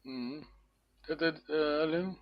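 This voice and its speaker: A man's voice: fairly high pitch, measured pace, muffled recording. A man teaching an online language lesson, patiently repeating phrases for his students to copy.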